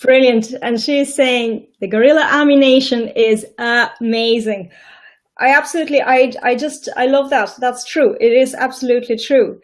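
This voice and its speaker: A woman from Estonia hosting a casual live-stream chat over a video call, chatty and quick to laugh. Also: fairly high pitch, steady tone. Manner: chatty, warm-hearted, laughs easily, restarts often. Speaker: host.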